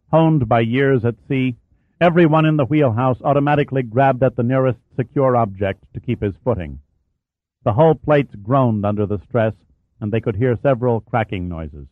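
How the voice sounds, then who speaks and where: A man narrating an adventure novel in a measured, dramatic storytelling manner. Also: mid-range voice, dry recording. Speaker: audiobook narrator. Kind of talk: scripted narration. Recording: tinny phone-like sound, dry.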